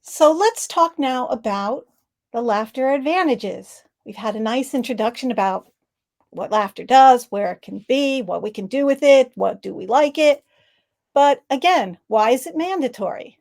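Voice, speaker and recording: A woman's voice: a little high, animated, normal speed, gravelly, a little mellow. A woman giving an online presentation on laughter and leading laughter exercises, talking upbeat over a video call. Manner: upbeat, demonstrates rhythmic ho ha he laughter sounds.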